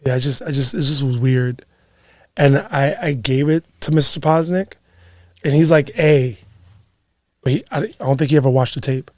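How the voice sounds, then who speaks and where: A young man hosts a podcast, telling stories in casual, profane chat full of laughter and swearing, giggling as he goes. His mid-range voice is brisk. The studio-quality audio has no echo.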